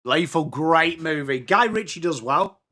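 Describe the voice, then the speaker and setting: Bright chatty English man hosting a watchalong. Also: a little high, animated, measured pace. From England. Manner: chatty, mixes play calls with replies to chat. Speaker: watchalong host. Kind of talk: live sports watchalong chat.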